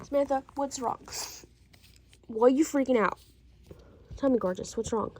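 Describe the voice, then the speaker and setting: A woman voicing a calm, affectionate young husband who soothes his wife in a doll-play story. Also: sits high, normal speed, slight background noise, natural voice. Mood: soothing. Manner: soothing, reassuring.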